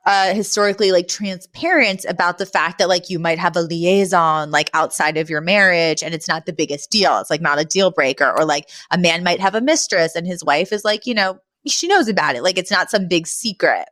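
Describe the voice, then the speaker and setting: A woman co-hosting a podcast, retelling a sitcom episode in animated casual chat, full of fillers. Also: lowish voice, fairly quick, few pauses, no room sound, clean studio sound. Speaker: podcast co-host.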